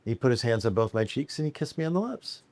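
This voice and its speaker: A man, a restaurateur and guest, telling animated anecdotes in casual conversation in a restaurant. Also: mid-range voice, fast, no room sound. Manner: animated anecdotes, mimics celebrities in a raised voice. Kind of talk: casual storytelling.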